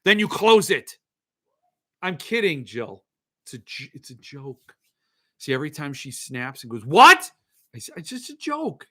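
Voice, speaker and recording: A man's voice: medium pitch, sing-song, normal speed, long pauses. A middle-aged man hosting a podcast, chatting casually in a rambling, jokey, self-mocking way. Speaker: podcast host. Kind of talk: casual chat.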